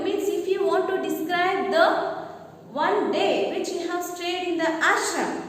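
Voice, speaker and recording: A woman teaching a lesson. She reads a textbook passage aloud and explains it line by line, often asking "okay?". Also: extremely high pitch. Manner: reads the text aloud, then explains it with frequent "okay?" and "means". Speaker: English teacher. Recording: very echoey room, voice far from the mic.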